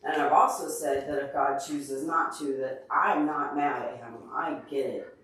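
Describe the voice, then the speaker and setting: Hosting a casual livestream, a man with a slightly high, fairly bright voice speaks unhurriedly with fairly even intonation. He is upset and openly tearful, earnestly answering viewers by name. The room is very echoey, he sits far from the mic, and there's slight background noise.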